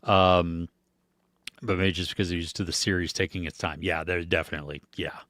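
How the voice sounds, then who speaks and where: An American man hosts a casual podcast, rambling loosely about movies and reading out viewer comments with lots of fillers and small laughs. His voice is low-pitched and brisk, and the recording is dry and studio quality.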